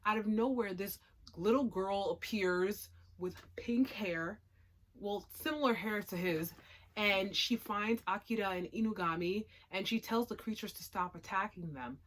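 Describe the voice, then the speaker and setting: Expressive woman giving a casual review. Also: medium pitch, a little slow. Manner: expressive, emphatic, swings from hushed to loud. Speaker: anime reviewer.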